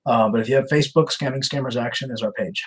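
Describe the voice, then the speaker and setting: A man's voice: medium pitch, fast talker, slightly rough, rough recording. A man hosting a casual live stream, reading messages aloud, chuckling and answering viewers as he goes. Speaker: livestream host baiting scammers.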